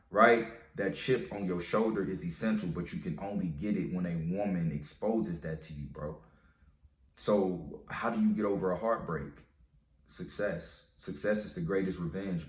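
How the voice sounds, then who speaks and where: A man telling a breakup story and giving dating advice in a casual, slangy, profane way. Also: low voice. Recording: roomy echo.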